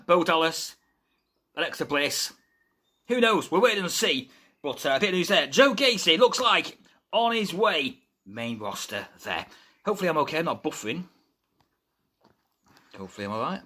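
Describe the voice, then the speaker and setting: Excitable man, bright and lively. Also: fairly high pitch, a little fast, long pauses. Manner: chatty and excitable, addresses viewers as guys. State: feverish. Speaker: live stream host. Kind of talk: casual wrestling news chat.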